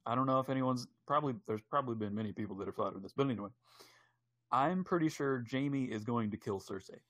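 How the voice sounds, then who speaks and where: Man, podcast co-host, hesitant and teasing, mid pitch, dry close sound. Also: fast, a bit bright, no echo. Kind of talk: casual chat.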